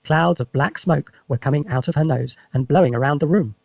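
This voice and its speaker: A man reading a children's story aloud for English learners with lively, expressive narration. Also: a little high, a little fast, creaky, no echo. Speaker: reader.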